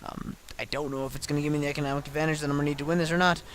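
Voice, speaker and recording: A man's voice: a little high, steady tone, fairly bright tone, a little hiss or hum. A tired man who has been up all night, casually talking through his own game replay with lots of ums and restarts. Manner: halting, many ums and restarts.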